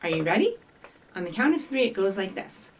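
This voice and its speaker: A woman reading a picture book aloud and leading rhymes for young children, in an animated, sing-song way with bright bird calls and prompts to join in. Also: medium pitch, a little fast, a little hiss or hum. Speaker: children's librarian leading story time. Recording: voice from some distance from the mic.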